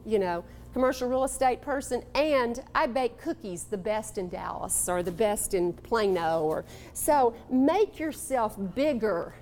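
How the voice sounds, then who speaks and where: A woman from Texas giving a live motivational talk to an audience, animated and coaxing, calling on people in the room. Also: on the high side, a little slow, slight background noise. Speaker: motivational speaker.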